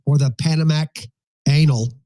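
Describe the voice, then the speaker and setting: A man hosting a casual live panel talk, loose and joking, with halting restarts. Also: fairly high pitch, fairly even intonation, dark tone, no echo. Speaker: host.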